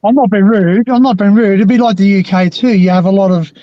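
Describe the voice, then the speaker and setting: A man's voice: high voice, fairly quick, no room sound, dull audio. A man with an Australian accent, rambling and laughing in casual chat.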